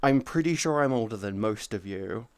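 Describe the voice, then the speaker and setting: A woman in her early thirties streaming casual chat with viewers, playful and teasing, jumping from high squeals to low mutters. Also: animated, normal speed, a little mellow, no room sound. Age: 30s.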